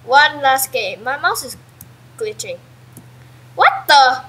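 A young woman casually commentating her own game at home, chatty and excitable, with sudden yelps and mild swearing. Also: high-pitched, slow, breathy edge, rough recording. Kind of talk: casual let's-play commentary. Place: at home with a pet dog nearby.

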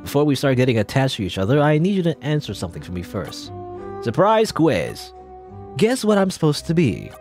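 A man's voice: mid-range voice, wildly swooping pitch, a little fast, darkish tone, soft background music. A man voicing a smug, chatty male guardian angel in a game, breezy and teasing. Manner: breezy, teasing, self-satisfied.

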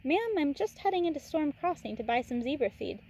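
A woman reading aloud as a smooth-talking, sly male game warden with breezy, overfamiliar patter that turns menacing. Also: high-pitched, sing-song, brisk, darkish tone, a little hiss or hum, voice pushed up, low-quality recording.

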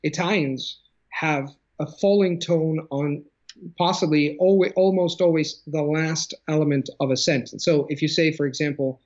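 A man's voice: on the high side, steady tone, moderate pace, dull audio. A man who works as a language coach, speaking in an interview over a video call and explaining his ideas with many examples and restarts. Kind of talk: conversational interview.

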